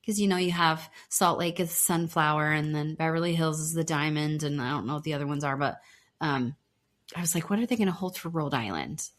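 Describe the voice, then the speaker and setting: A woman's voice: deep voice, brisk. A woman co-hosting a podcast, chatting casually about reality TV, laughing often and trailing off mid-thought. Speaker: podcast co-host.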